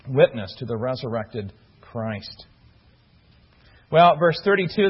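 A man's voice: fairly high pitch, slightly rough, muffled recording. A man preaching an expository sermon, explaining a Bible passage verse by verse in an earnest teaching manner, often restarting phrases as he stresses key words. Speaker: pastor.

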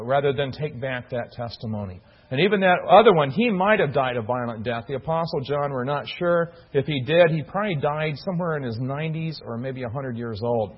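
A man's voice: mid-range voice, animated, moderate pace, slightly rough, muffled recording. A man preaching an expository sermon, explaining a Bible passage verse by verse in an earnest teaching manner, often restarting phrases as he stresses key words. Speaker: pastor.

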